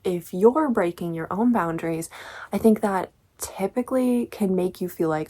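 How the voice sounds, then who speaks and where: Young woman ranting about a book she hates, chatty, lots of "like", mid-pitched voice. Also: moderate pace, mellow. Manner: chatty, exasperated and critical, many "like" fillers. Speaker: book reviewer. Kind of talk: casual book commentary.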